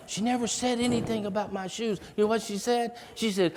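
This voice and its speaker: A man's voice: sits high, steady tone, a little fast, few pauses, darkish tone. Heartfelt man telling his story in a hall. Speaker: speaker at an educators' event. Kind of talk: motivational personal testimony. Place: large hall. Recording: long reverb of a large hall.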